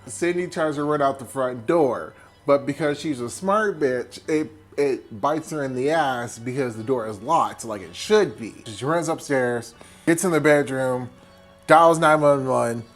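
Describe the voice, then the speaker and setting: A tipsy man retelling a horror film as a comedy recap, animated and profane, jumping into quick impressions of the characters. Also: medium pitch, soft background music. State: tipsy from wine. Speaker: host.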